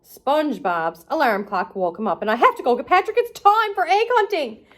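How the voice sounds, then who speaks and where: A woman's voice: high-pitched, very animated, moderate pace, a bit bright. A woman hosting a children's arts and crafts show, reading a storybook aloud in a playful, sing-song way and talking to the kids directly.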